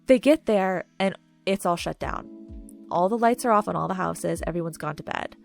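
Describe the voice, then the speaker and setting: A woman chatting casually to camera while ranking movies, gushing and filling pauses with "um" and "like". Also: lowish voice, vocal fry. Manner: chatty, gushing, many fillers. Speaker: video creator ranking movies. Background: faint background music.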